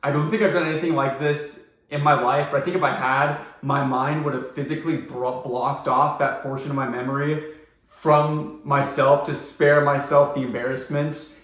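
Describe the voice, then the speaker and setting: A man's voice: a little high, level tone, moderate pace, a bit bright. A young man telling a story from his own life in a casual, rambling and self-deprecating way, with many fillers and restarts. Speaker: vlogger. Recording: very echoey room.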